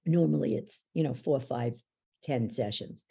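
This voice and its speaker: A woman coach guiding a guest through a belief exercise with direct, steady questions. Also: extremely low pitch, unhurried, gravelly, husky.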